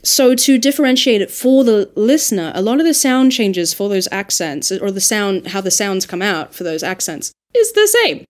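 A woman's voice: mid-range voice, normal speed, few pauses. Earnest woman dialect coach thinking aloud. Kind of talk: podcast conversation.

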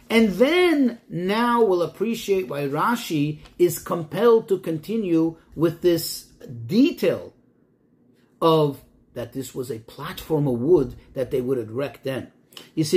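Methodical rabbi teaching a Torah lesson. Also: male voice, sits high. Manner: methodical, rhetorical questions, quotes texts.

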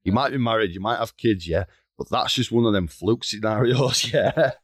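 A man's voice: lowish voice, normal speed, no room sound, clean studio sound. A young man, co-hosting a podcast in casual joking chat, teasing his friend and laughing a lot. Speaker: podcast co-host.

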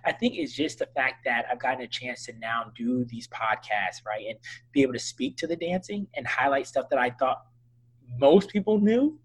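Husky-voiced man telling stories. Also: medium pitch, moderate pace, rough recording. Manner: earnest, animated storytelling with frequent restarts. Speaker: physician and interview guest. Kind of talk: casual interview conversation.

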